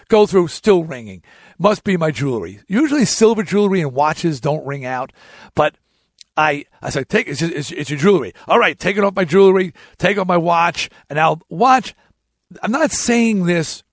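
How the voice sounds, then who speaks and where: Chatty man telling a story, slightly high voice. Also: no room sound, studio quality. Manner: animated, chatty retelling with frequent restarts. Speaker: show host. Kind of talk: casual storytelling monologue.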